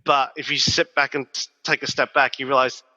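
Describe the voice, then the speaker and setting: A man, co-hosting a podcast and telling stories in a lively, swearing, casual way. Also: mid-range voice, fairly quick. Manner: animated, profane storytelling. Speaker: podcast co-host. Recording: dull, reverberant recording.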